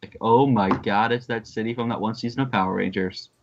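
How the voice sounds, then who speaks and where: A man rambling through a casual movie commentary with friends, full of "like" and quick laughs. His voice sits at an ordinary pitch. The recording sounds dull and lo-fi. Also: fairly even intonation, slight background noise. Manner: rambling, filler-heavy, laughs often, hums movie music. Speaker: podcast co-host.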